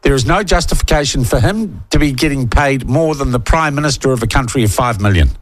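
A middle-aged man with a New Zealand accent hosting a talkback radio show, ranting with forceful indignation. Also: mid-range voice, animated, brisk, no room sound. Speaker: talk radio host. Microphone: studio microphone.

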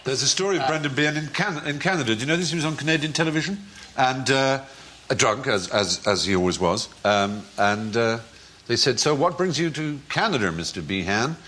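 A man's voice: mid-range voice, fairly quick, fairly bright tone. A man on a panel show telling comic anecdotes, articulate and playful.

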